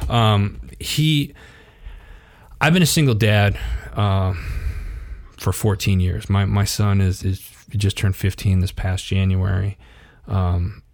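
Low-voiced man telling stories animatedly. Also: unhurried. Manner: animated, acts out quotes in a raised voice. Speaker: podcast guest. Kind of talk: casual storytelling interview.

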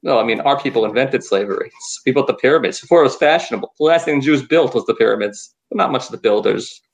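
A man's voice: mid-range voice, animated, fast talker, creaky. Man with a New York accent, dry quips. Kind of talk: casual comedic banter.

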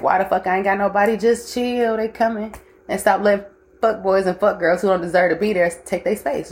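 A young woman hosting a casual livestream, blunt and profane, mixing life lessons with frequent laughter. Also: fairly low pitch. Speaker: host.

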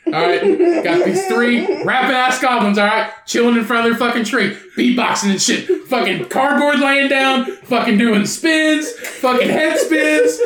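A man with a high voice tells a crude, joking story and argues back at his friends' objections. His voice carries an echo from the room. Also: expressive, moderate pace, hardly any pauses, a bit bright. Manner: profane, argumentative, joking. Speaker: podcast co-host. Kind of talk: casual banter, storytelling.

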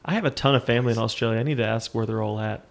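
A man chatting on a podcast at a quick clip, his voice carrying some gravel. He chuckles along in a loose, casual way. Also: medium pitch. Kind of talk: casual chat.

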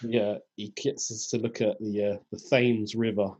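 A man's voice: fairly low pitch, level tone, moderate pace, a little mellow, husky, muffled recording. A man co-hosting a podcast, chatting casually in a laid-back way and walking through the show's events. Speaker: podcast co-host. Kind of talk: casual chat.

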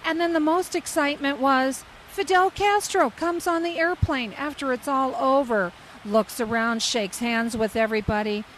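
High-voiced woman telling lively stories. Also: moderate pace, a little hiss or hum, poor audio. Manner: lively, dramatic storyteller who acts out quotes. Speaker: flight attendant. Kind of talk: telling an anecdote in an interview.

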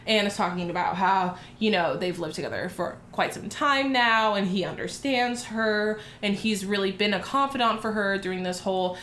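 A woman tells a story in a brash, profane, lively way. She chats casually, trading remarks with her co-hosts. Her voice sits at a middle pitch and carries a roomy echo. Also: normal speed, hardly any pauses, slight background noise. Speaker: podcast co-host.

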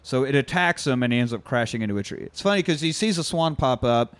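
A man casually recapping a film plot in chat, animated and often laughing. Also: medium pitch, fast talker, dry recording. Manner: animated retelling, acts out quotes with laughs. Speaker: podcast co-host.

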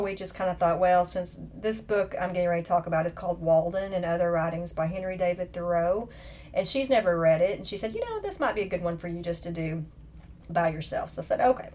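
A woman's voice: fairly low pitch, a little mellow, a little hiss or hum. A middle-aged woman hosting a podcast alone, chatting casually in a chatty, self-mocking way with playful exaggeration. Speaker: podcast host. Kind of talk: casual solo podcast chat.

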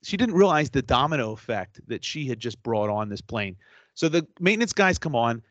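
A man co-hosting a podcast, telling a story in an animated, exasperated rant with some swearing. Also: medium pitch, fairly quick, no echo, lo-fi sound. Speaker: podcast co-host. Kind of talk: casual storytelling chat.

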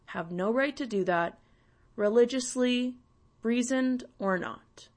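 A woman's voice: fairly high pitch, takes it slowly, darkish tone. A young woman from Canada, hosting and ranting bluntly with swearing and sarcasm. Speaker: podcast host. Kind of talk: ranting monologue.

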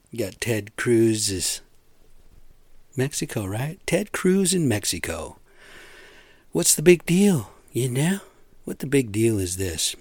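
A man's voice: on the low side, darkish tone, dry recording. A man giving a rambling, blunt rant full of swearing, talking casually about his day and whatever crosses his mind.

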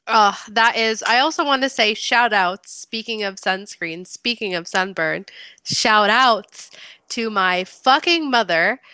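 A woman co-hosting a casual podcast, swearing freely and telling animated stories. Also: mid-range voice, unhurried, clean tone, dry recording. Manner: profane, animated storytelling, acts out quoted voices. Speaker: podcast co-host. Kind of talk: casual chat.

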